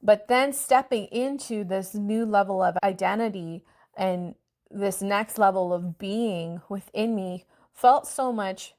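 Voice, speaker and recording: A woman's voice: mid-range voice, darkish tone. A woman coach giving an earnest, reflective motivational talk with a spiritual bent.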